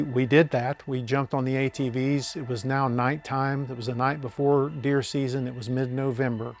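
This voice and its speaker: An older man, speaking at a middling pitch. He tells his story earnestly and at length, often pausing on "uh" as he goes. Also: darkish tone. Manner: earnest, drawn-out storytelling with many uh fillers. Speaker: landowner interviewee. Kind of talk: storytelling interview.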